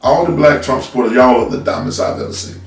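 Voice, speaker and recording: A commentary host with a mid-range voice, vocal fry and lively intonation rants fast and unscripted about politics, bluntly scolding listeners and stumbling over repeated words. He speaks into a phone from a distance, off-mic in a roomy space, with soft music behind him.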